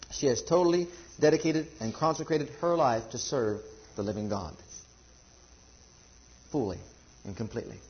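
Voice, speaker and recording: A man's voice: fairly high pitch, muffled recording. A man preaching a sermon to a congregation, building emphasis and asking rhetorical questions.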